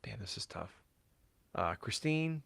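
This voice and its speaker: A man's voice: lowish voice, very animated, a little slow, vocal fry, a bit bright. A man chatting casually on a podcast, rambling through his thoughts with plenty of swearing and filler words. His voice sounds worn from a long day of talking. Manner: rambling, profane, lots of fillers. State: voice tired from talking all day. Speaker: podcast co-host.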